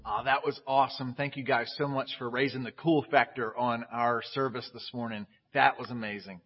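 A man's voice: medium pitch, steady tone, moderate pace, a little hiss or hum. Man, pastor, casual sermon voice, candid, muffled lo-fi recording. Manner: candid and chatty, frequent restarts. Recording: dull lo-fi audio.

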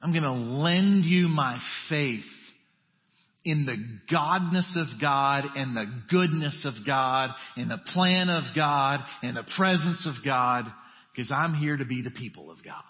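A male pastor preaching a sermon in a conversational way, dropping to a hush and then rising to emphatic, urgent lines. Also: medium pitch, measured pace. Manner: conversational preaching with wide swings from hushed to emphatic. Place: church sanctuary. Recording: dull audio with long church reverb.

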